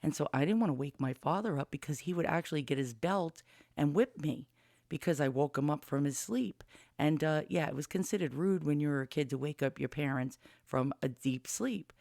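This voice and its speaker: A vlogger in her fifties tells a personal story candidly and in a rambling way, swearing bluntly. Her deep, creaky voice has a darkish tone and moves fairly quickly. She speaks into a studio mic with a pop filter, and the recording is dry.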